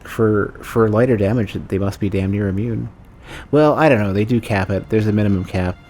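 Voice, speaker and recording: Low-voiced man muttering game commentary. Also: normal speed, warm tone, a little hiss or hum. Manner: muttering reactions, thinking aloud about game stats. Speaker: streamer. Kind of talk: casual gameplay commentary.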